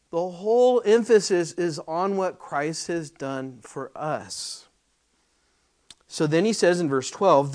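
A man preaching a sermon, teaching through a Bible passage with conversational asides and fillers, growing louder and more emphatic when reading verses aloud. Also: high voice. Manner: slow and deliberate, rising loudly when reading scripture aloud. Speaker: pastor.

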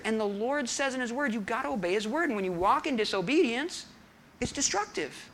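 A male pastor preaching an animated sermon, acting out the figures' voices. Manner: animated, acts out quoted voices with big pitch jumps.

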